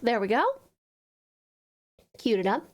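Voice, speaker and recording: A woman's voice: fairly high pitch, takes it slowly, darkish tone. A woman streaming live, chatting with viewers in a put-on sugary baby-talk voice, giggling and calling them sweetheart and darling. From Tasmania, Australia.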